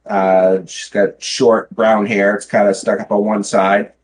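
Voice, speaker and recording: A man narrating a tabletop game as game master, relaxed and chatty with many fillers. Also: lowish voice, a little slow, husky, low-quality recording.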